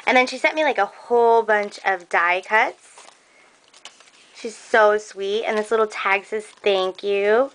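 A woman's voice: fairly high pitch, fairly bright tone, poor audio. Gushing, gasping woman unboxing gifts. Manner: gushing, gasping, lots of "like" and "oh my God". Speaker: crafting vlogger. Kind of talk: excited unboxing chat. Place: crafting room at home.

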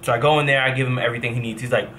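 A young man from New Jersey tells a long story in a casual vlog, rambling, backtracking and cursing as he goes. His voice is bright and forceful at an ordinary pitch. A faint hiss of noise sits under the recording. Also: very fast. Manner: rambling, animated, swears and backtracks often. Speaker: vlogger, professional gamer.

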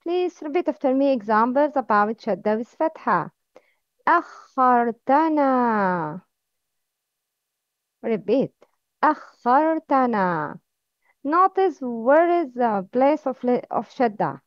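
A woman teaching Arabic letters, drilling words slowly and asking the listener to repeat after her. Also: on the high side, expressive, no echo. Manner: slow, careful drilling with repeat-after-me prompts. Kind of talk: slow recorded lesson. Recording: dull, lo-fi sound.

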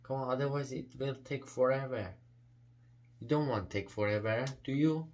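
A man's voice: medium pitch, normal speed. A man at home coaxing his pet bird in repetitive baby talk, asking the same questions over and over. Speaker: pet owner.

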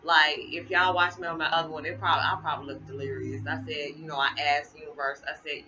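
A woman's voice: deep voice, level tone, fast talker, hardly any pauses. Tired middle-aged lady chatting to her viewers, laughs a lot, kinda muffled with hiss behind. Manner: chatty, laughs often, colloquial Southern-leaning speech. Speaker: spiritual vlogger. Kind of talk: casual chat to camera. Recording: muffled with noticeable background hiss.

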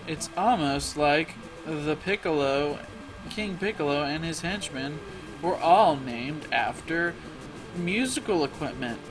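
A man's voice: on the high side, lively intonation, takes it slowly, a crowd in the background, low-quality recording. A man giving casual let's play commentary, sarcastic and profane, with muttered asides. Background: music.

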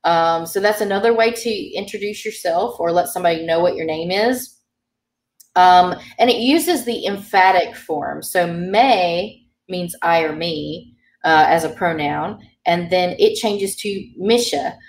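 A woman's voice: lowish voice, unhurried. A woman teaching a beginner language class, explaining grammar patiently with frequent ums. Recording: roomy sound from a distant mic.

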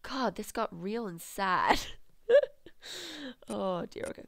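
A woman doing let's play commentary, reading game text aloud, excitable and swearing freely. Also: medium pitch, slow, vocal fry, dry recording, clean studio sound. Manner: excitable, swears freely, bursts into squeals and laughs.

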